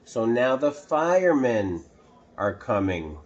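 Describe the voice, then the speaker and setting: A man reading a picture book aloud to children, pausing to ask the listener questions. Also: medium pitch, big pitch swings, muffled recording. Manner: slow, asks the listener questions. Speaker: children's storytime reader.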